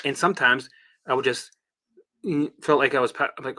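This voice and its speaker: A man's voice: mid-range voice, normal speed, sharp tone. A man talking casually as a recovery coach, blunt and swearing freely, acting out his own past reactions. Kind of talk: casual monologue.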